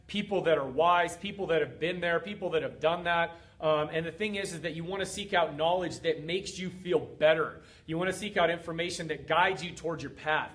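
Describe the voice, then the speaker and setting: Here a middle-aged fitness coach and group host speaks in a fairly high, slightly bright voice on a motivational livestream. The talk is emphatic, repetitive and sermon-like.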